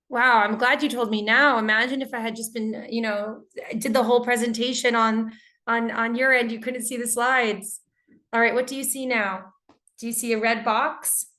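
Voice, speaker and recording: An American woman leads an online English lesson with a fairly high voice. She talks to her class in a friendly, energetic way and keeps checking in with her students. She is heard through her computer mic on a video call. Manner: friendly, energetic, interactive with chat. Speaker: English teacher.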